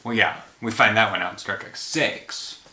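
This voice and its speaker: A worn-out man chatting casually as host, rambling and leaving thoughts half-finished. His voice is on the low side with a bright, forceful edge. The room gives it a roomy echo. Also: moderate pace, slight background noise. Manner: rambling, trailing off mid-thought. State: tired after a run. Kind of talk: casual film chat.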